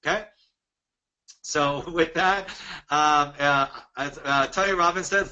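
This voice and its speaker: Energetic guy pitching a webinar, bright tone, lots of rhetorical questions. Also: poor audio. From Dallas, Texas. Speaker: webinar presenter.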